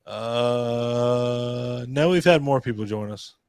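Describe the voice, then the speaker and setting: A man's voice: mid-range voice, takes it slowly, darkish tone, clean tone, dry recording. Profane, joking man hosting a hangout. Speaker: host of a live online hangout. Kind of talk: casual chat.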